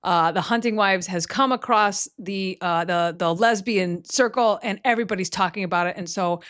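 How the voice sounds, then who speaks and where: Woman from Texas, podcast host, animated joking chat, dry close sound. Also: medium pitch, normal speed, no room sound. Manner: animated, jokey, lots of acted-out quotes.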